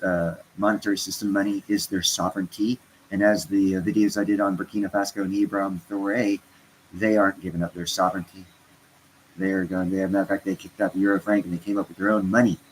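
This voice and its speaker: A man's voice: low-pitched, slight background noise, rough recording. A stoned man chatting casually on a livestream, rambling and interrupting himself as he talks to his viewers. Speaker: crypto vlogger.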